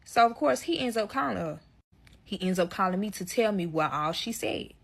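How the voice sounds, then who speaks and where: A woman's voice: mid-range voice, lively intonation, moderate pace, gravelly, slightly rough. A woman telling a dramatic personal story to her viewers in a storytime vlog, swearing freely and talking straight to her audience.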